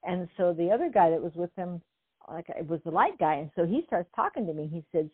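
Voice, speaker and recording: Older california lady telling a story, lots of laughs, low-ish voice, thin phone-line sound, dead dry. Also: brisk, slightly rough, no room sound. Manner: animated, acts out quotes, laughs often. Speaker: guest. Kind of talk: casual storytelling interview.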